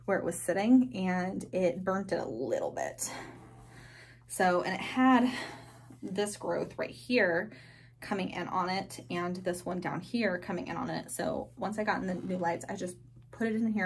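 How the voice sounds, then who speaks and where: A woman's voice: fairly low pitch, unhurried, a little hiss or hum. Gushing, chatty woman plant vlogger. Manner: gushing, chatty, full of filler likes. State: a bit out of breath. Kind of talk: casual plant tour vlog. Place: indoors at a grow tent.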